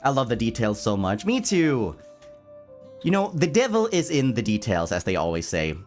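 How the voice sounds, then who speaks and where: This man talks to his stream's chat in a relaxed, playful manner, laughing readily. There's a lively swoop to his pitch and a tendency to stumble over words when he's excited. He reads and responds to chat with animation while gentle music plays faintly.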